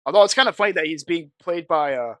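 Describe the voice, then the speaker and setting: Podcast guy, slightly high voice, bright and close to the mic, teasing and cussing. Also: lively intonation, fast, no echo. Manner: chatty, teasing, swears casually. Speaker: podcast co-host. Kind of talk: casual chat.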